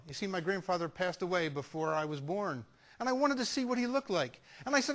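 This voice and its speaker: High-voiced, animated male storyteller. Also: brisk. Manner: animated storyteller, acting out dialogue. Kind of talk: storytelling talk.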